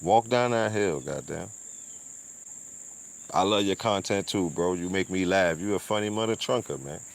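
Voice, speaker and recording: Deep-voiced laid-back man streaming. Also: normal speed, vocal fry. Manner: laid-back slang, laughs often, repeats words. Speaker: streamer and show host. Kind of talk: casual livestream chat and shout-outs.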